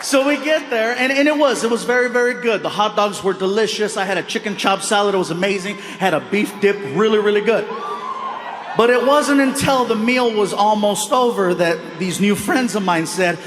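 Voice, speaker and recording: A male comedian telling stories on stage, animated and acting out voices. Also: sits high, normal speed, a little hiss or hum. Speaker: stand-up comedian. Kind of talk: stand-up storytelling. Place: live show before a loud crowd. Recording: live stage mic with loud crowd.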